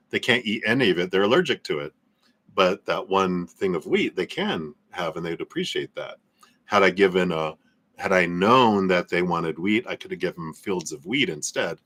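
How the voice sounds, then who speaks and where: A man's voice: low-pitched, a bit bright. A man giving a live tarot reading in a loose, rambling way, full of fillers and small laughs. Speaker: tarot reader.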